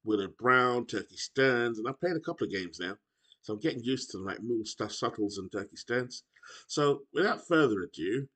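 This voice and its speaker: A man's voice: medium pitch, animated, moderate pace, a bit bright. Chatty British man, rambling and self-correcting. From United Kingdom. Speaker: video game streamer. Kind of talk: casual chat to camera. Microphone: laptop microphone.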